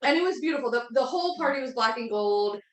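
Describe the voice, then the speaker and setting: A woman in her thirties spins a long, casual story, circling back with plenty of filler words. Her voice sits on the higher side. The room has a noticeable echo. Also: animated, quick pace, a crowd in the background. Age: 30s. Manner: rambling, full of "like" fillers. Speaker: podcast co-host. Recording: echoey room.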